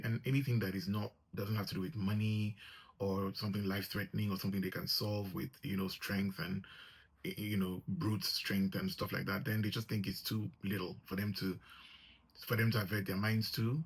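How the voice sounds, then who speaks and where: A man with a fairly low, slightly husky voice speaks in a casual, reflective monologue. He thinks out loud in an earnest way and keeps checking in with the listener. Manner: earnest, thinks aloud, often adds "right?". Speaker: relationship commentator.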